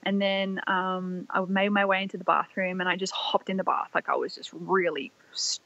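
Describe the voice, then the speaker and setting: A young Australian woman, a podcast guest, telling a personal story in a soft, rambling way full of "like" fillers. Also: fairly low pitch, level tone, normal speed. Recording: dry, slightly dull lo-fi audio.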